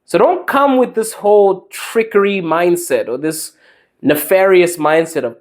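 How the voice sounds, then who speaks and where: A man's voice: high voice, very animated, normal speed, darkish tone. A man, hosting a podcast and delivering an emphatic advice monologue. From Zimbabwe. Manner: emphatic, preachy. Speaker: podcast host.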